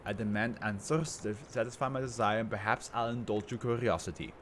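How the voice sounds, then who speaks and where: A man's voice: lowish voice, a little fast, fairly bright tone, a little hiss or hum, lightly acted. A man playing a pompous tycoon brain in a jar. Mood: haughty. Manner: pompous, grandiose and contemptuous.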